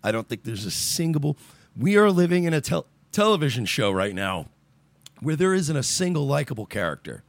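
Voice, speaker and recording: A man's voice: fairly high pitch, sing-song, normal speed, no echo. A man ranting casually on a talk show, sarcastic and profane, often mocking people in put-on voices. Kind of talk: casual podcast rant.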